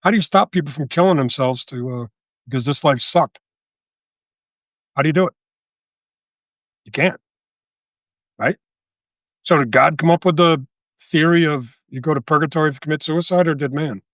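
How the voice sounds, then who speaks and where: A man in his sixties, a guest telling a story in a casual interview, animated and profane, often checking with "right?". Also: a little high, moderate pace, long pauses, no room sound, studio quality. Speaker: guest, author and veteran.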